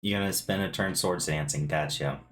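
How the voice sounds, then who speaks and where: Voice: low-pitched, normal speed. A game master narrating a tabletop game in a casual way, swearing freely and checking rules aloud.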